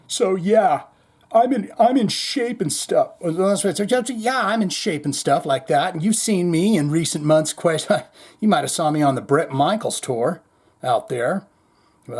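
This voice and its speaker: A man's voice: fairly high pitch, a little mellow, breathy edge. A man hosting a heavy metal news podcast, talking in a loose, rambling, slangy way and mimicking others as he retells their words. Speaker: podcast host. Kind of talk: casual news commentary.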